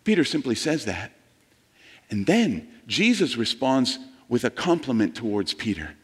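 A man preaching a sermon, telling the story with animated quoted voices. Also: mid-range voice, moderate pace, long reverb tail. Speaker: pastor.

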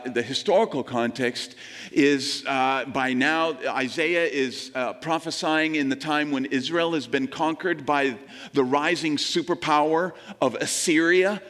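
An earnest pastor delivers a sermon, his male voice sitting slightly above the usual range and fairly bright in tone. Scripture lines come slower and lower before he rises for emphasis, and a long reverb follows him through the large room.

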